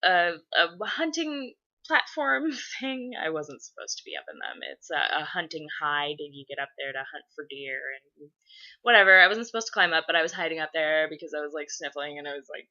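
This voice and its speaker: A woman's voice: fairly low pitch, a little fast, highs cut off. A young woman vlogging, telling a childhood story and answering viewer questions, swearing freely and acting out the voices of the people in it. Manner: animated, profane, acts out voices in her stories. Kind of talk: casual storytelling to camera.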